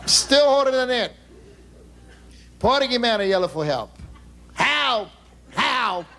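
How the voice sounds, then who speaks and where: Man, very high voice, live stand-up, chatty, stage mic. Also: normal speed. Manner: lively, chatty, self-interrupting delivery. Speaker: comedian. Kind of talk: live stand-up joke telling.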